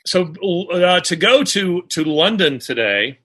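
Male author guest, bright tone, halting delivery. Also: high voice, big pitch swings. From Alabama, US. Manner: halting, with many pauses and restarts. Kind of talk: casual interview conversation.

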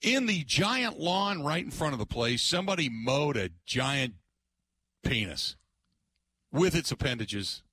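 A man's voice: a little high, a little slow, breathy edge, no echo. A man hosting a sports radio show, telling stories in a casual chat and laughing often. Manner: laughs often, animated storytelling.

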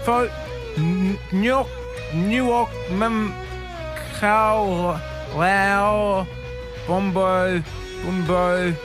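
A man's voice: sits high, steady tone, drawn-out words, long pauses. A man playing a hammy, stumbling radio ad announcer. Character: cheesy male ad announcer. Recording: ad read over loud guitar music. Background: guitar music.

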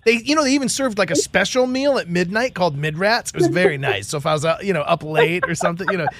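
A man hosting an interview, joking in a relaxed, self-deprecating way. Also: sits high, quick pace, no room sound. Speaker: podcast host. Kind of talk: casual interview chat.

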